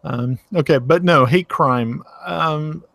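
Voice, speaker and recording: A man's voice: on the high side, gravelly, fairly bright tone, dry recording. Southern man chatting on a dry call. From Tennessee. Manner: halting, many restarts and fillers, chuckling. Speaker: host. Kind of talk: casual online chat. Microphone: video call.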